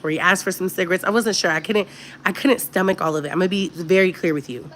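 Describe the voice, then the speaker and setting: A woman's voice: on the low side, fast talker, a bit bright, a little hiss or hum. A woman hosting a casual livestream chat, talking candidly and directly to her viewers. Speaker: livestream host.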